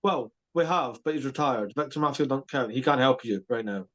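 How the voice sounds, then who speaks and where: A man's voice: medium pitch, a little fast. A man hosting a casual rugby podcast, joking and bantering. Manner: jokey, lively banter. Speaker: podcast host.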